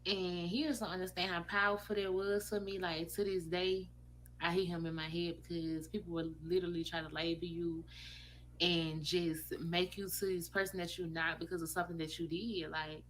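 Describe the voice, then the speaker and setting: A woman's voice: on the low side, moderate pace, a little hiss or hum, poor audio. A woman telling her own story casually, acting out the voices of the people in it. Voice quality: animated, acts out quoted voices.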